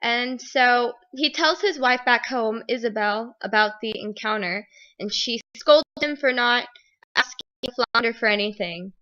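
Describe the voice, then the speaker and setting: A young woman plainly reading a fairy tale summary aloud in a slow delivery. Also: on the high side, pushed and bright. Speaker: storyteller. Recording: dull lo-fi home recording.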